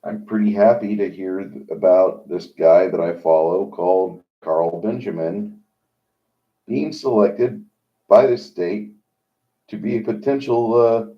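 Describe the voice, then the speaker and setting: A man hosting a livestream, talking in a rambling, opinionated monologue with many halts. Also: on the low side. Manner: rambling, opinionated, halting with fillers. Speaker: livestream host. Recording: dull lo-fi sound.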